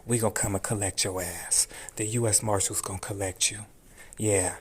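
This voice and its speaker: A man's voice: on the low side, steady tone, moderate pace, slight background noise. A man hosting a commentary video, ranting in a furious, profane and taunting way, repeating his threats over and over. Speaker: channel host.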